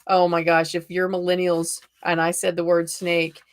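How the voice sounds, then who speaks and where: A woman in her forties chats through a live tarot reading for her viewers. Her voice sits a little low, and she laughs easily between remarks. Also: monotone, normal speed. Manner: chatty, laughs often, addresses viewers warmly as lovelies. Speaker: host. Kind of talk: casual live-stream chat.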